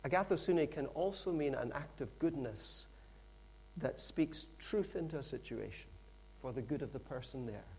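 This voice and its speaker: A middle-aged man preaching a sermon in a lively, conversational storytelling manner with frequent asides. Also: medium pitch, normal speed, vocal fry, husky.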